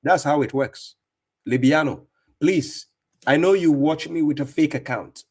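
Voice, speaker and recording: A man's voice: a little high, measured pace, darkish tone, husky. A man hosting a live stream, commenting on clips and talking to viewers in a mocking, insistent way with lots of repetition. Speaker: livestream host reacting to clips.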